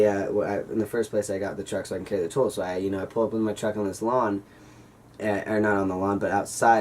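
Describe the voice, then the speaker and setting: A man's voice: sits low, darkish tone, recorded from a distance, slight background noise. A young man in his late teens telling a story in a casual vlog, rambling with lots of fillers and self-corrections. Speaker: vlogger.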